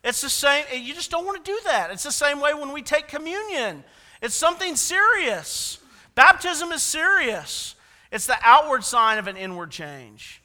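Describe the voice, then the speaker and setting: A man preaching a sermon as pastor, swinging between loud emphatic lines and soft, quiet asides. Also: very high-pitched, long reverb tail.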